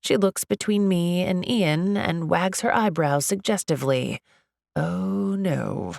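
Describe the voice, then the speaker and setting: A woman narrating a romance audiobook in the first person, with an expressive, chatty delivery. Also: on the low side, slow, creaky, dry recording, clean studio sound. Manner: expressive, chatty, lively inner monologue.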